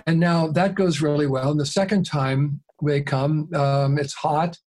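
A man who works as a mediator, telling a story calmly and steadily in an interview. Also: on the high side, unhurried.

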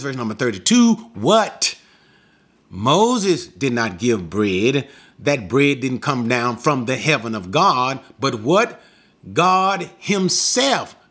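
A man's voice: a little high, fairly bright tone. A man teaching through a Bible passage verse by verse. He talks emphatically, repeats key phrases and asks the audience rhetorical questions.

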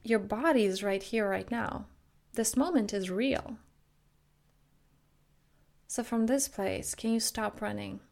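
A woman self-growth coach talking earnestly in a flowing podcast monologue, with repetitive phrasing and a gently guided breathing exercise. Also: medium pitch, slow, gravelly, pauses often.

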